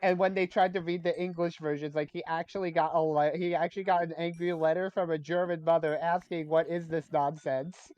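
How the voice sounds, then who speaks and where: A man's voice: a little high, little pitch movement, fairly quick, few pauses, a little mellow, clear, resonant tone, no echo, lo-fi sound. A man chatting casually with friends while gaming, rambling through trivia and jokes. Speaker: gamer on a livestream.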